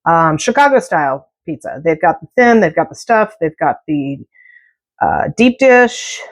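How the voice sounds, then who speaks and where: Unhurried yet very animated, a middle-aged woman with a deep voice cooks and chats, spinning jokey stories and tossing in humorous asides for her vlog.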